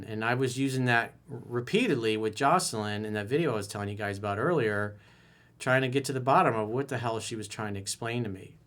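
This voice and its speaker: Man, dating coach, blunt, candid, casual swearing, mid pitch. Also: a little fast, a bit bright. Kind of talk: coaching video reading a viewer's email.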